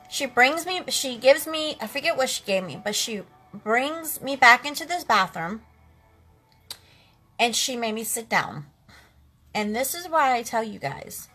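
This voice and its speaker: A woman in her late thirties speaks on a makeup livestream, telling a personal story earnestly and from the heart, addressing her viewers directly. Her voice is on the high side, bright and forceful, with big pitch swings and an unhurried pace, and faint music plays behind her.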